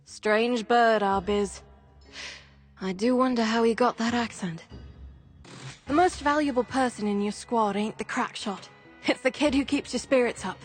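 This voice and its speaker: An actress playing a gruff, seasoned woman who leads a workers' union in a video game; she talks in blunt, clipped, weary lines. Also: fairly high pitch, measured pace, soft background music, close to an everyday voice. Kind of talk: video game character dialogue.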